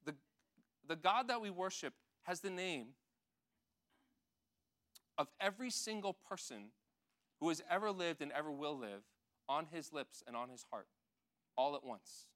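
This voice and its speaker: A man giving a gentle, conversational sermon, talking to the children and the adults in the congregation. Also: on the high side, expressive, measured pace, pauses often. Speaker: pastor. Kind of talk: children's sermon with audience participation.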